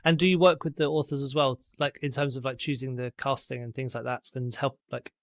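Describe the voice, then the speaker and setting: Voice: mid-range voice, steady tone, brisk, dry recording, studio quality. A podcast host asking a question in casual interview talk. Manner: brief encouraging interjections.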